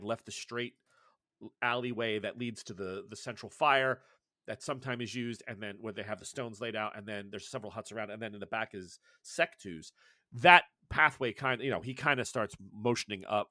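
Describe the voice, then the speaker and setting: A man narrating a tabletop game as game master, energetic, with quick restarts. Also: fairly low pitch, no echo, studio quality.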